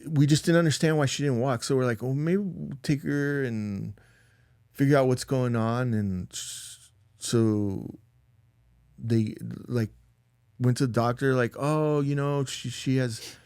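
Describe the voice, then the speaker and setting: A man's voice: mid-range voice, measured pace, a little mellow, clean tone, no room sound, studio quality. Man rambling through a personal story. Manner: loose, rambling, with lots of "like" and "dude"; acts out quoted dialogue in a raised voice. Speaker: podcast guest.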